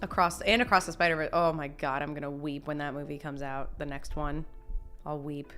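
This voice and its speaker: A woman's voice: deep voice, steady tone, a little fast, a bit bright, soft background music. A young woman chatting casually on a live stream, reading chat messages, laughing often and talking with lots of restarts. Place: home.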